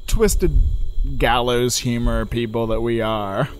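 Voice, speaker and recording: A man co-hosting a casual true-crime podcast, telling the story with dark humor. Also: mid-range voice, slow, slight background noise. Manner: storytelling, animated, darkly joking. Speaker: podcast co-host.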